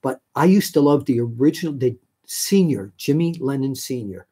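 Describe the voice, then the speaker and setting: Fielding viewer questions on his live stream, this older New Yorker rambles chattily with plenty of fillers. He speaks at a moderate pace in an animated, mid-range voice that is mellow and husky.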